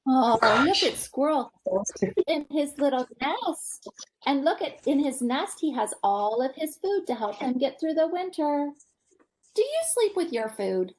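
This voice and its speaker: Brief: woman reading aloud to small kids on a video call, high, lively, unhurried, full of gasps. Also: slight background noise, low-quality recording. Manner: animated, gasping, asks children questions. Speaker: parent educator. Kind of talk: reading a picture book to young children.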